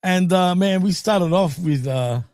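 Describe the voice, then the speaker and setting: Male podcast co-host with a high voice and a dry close sound, loose, rambling wrestling chat. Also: measured pace, a little mellow, no room sound. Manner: laughs often, loose and rambling. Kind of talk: casual wrestling recap chat.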